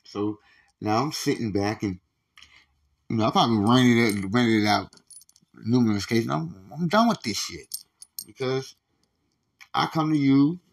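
A man with a rough, gravelly voice at an ordinary middle pitch vents on his own podcast. He speaks, swears constantly and keeps stumbling into repeated restarts as he rants. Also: normal speed, long pauses. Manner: profane, repetitive, stammering restarts. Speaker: podcast host. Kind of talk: casual ranting monologue.

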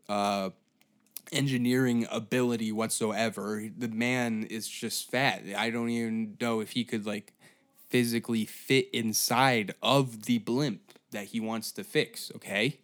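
A man hosting a comedy podcast, telling a story in a profane, rambling, sarcastic way. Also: mid-range voice. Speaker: podcast host.

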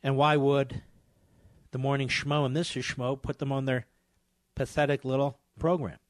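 A man's voice: medium pitch, level tone, normal speed, dry recording. A middle-aged man hosting a talk radio show, delivering scornful, combative commentary with hammering repetition.

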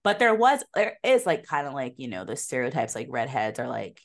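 A woman's voice: extremely low pitch, very animated, brisk. A woman co-hosting a podcast, recapping a show in casual, laughing chat full of swearing and fillers. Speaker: podcast co-host.

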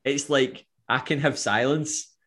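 A Scottish man at a middle pitch hosts a casual podcast. He sounds relaxed and talks freely with a bit of swearing. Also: unhurried. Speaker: podcast host, fitness coach. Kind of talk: casual chat.

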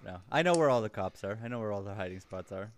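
A young man co-hosting a podcast, chatting in a relaxed way and laughing easily. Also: lowish voice, quick pace, crowd noise. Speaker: podcast co-host. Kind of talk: casual chat.

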